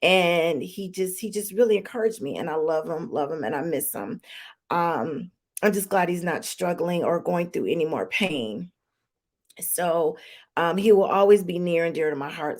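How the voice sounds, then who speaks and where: A woman's voice: on the low side, moderate pace, darkish tone. A woman hosting a live-streamed talk show, chatty and emotional with many fillers and restarts, holding back tears. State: tearful, holding back crying.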